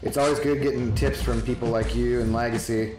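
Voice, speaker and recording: A man's voice: mid-range voice, steady tone, fairly quick. A man streaming a game, chatting loosely and rambling as he answers his viewers by name. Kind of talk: casual live-stream chat. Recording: roomy, with background music.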